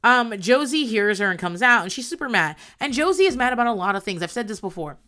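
Woman host, loud and animated, casual chat, swears and laughs, bright and lively delivery. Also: fairly high pitch, quick pace. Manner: animated, swears freely, acts out quotes, laughs often. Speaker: podcast host recapping a reality show.

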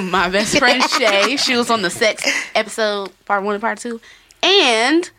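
A woman's voice: a little high, animated, a little slow, sharp tone. A woman hosting a casual podcast, talking loosely, swearing and laughing often. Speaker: podcast host.

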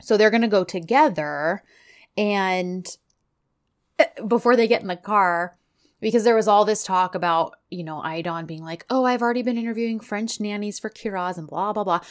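An animated woman talks through an episode in a relaxed podcast chat, her pitch sitting mid-range. She slips into quick impressions of the characters as she retells scenes, then drops back into easy conversation. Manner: animated, acts out quotes from the show. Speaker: podcast co-host. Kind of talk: casual recap chat.

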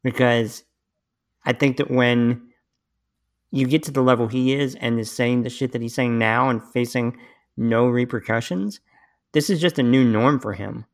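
Rambling, profane podcast host. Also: male voice, mid-range voice, fairly even intonation, moderate pace. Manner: profane, rambling, frequent restarts. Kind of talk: casual chat.

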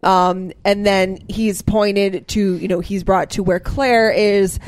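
Woman, casual movie chat, slow and measured delivery, medium pitch. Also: fairly even intonation.

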